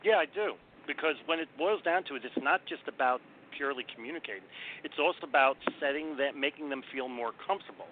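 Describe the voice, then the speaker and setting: A man talking as a guest recruiting expert on a call-in talk show, blunt and emphatic. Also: on the high side. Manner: blunt, emphatic, talks fast. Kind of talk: casual phone-in talk show chat. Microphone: phone. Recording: tinny phone line with faint noise.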